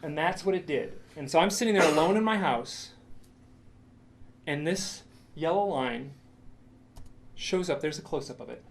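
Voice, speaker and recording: A man's voice: on the high side, moderate pace, long pauses. A man presenting a lecture with slides, telling a story with enthusiasm, many restarts and asides.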